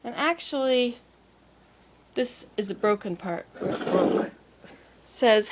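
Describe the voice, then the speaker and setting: Woman, slightly high voice, chatty and meandering, outdoor garden, faint background hiss. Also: big pitch swings, a little slow, long pauses. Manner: chatty, meandering, talks to herself and the camera. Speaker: vlogger. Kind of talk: casual rambling vlog.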